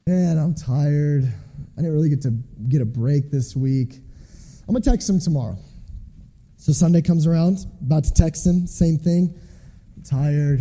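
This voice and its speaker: The preacher's voice sits high and sounds warm. He is a missionary giving a storytelling-style sermon, taking on the voices of the people he quotes, and a large hall wraps it in long reverb.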